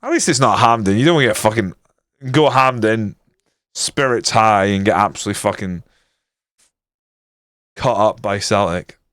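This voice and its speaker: A man's voice: on the low side, moderate pace, pauses often, fairly bright tone, no room sound, clean studio sound. A young man streaming a football management game, grumbling and swearing casually as he comments on his matches. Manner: frustrated, grumbling, swears often.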